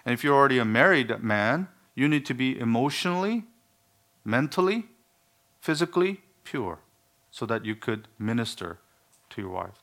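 A man's voice: medium pitch, a bit bright. A male pastor preaching a sermon in an earnest, emphatic way, with some humorous asides.

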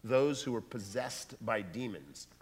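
A man preaching a sermon, animated and acting out voices from the scripture he reads. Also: on the low side, measured pace, slight background noise. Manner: animated, acts out voices in quotes. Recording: long hall reverb.

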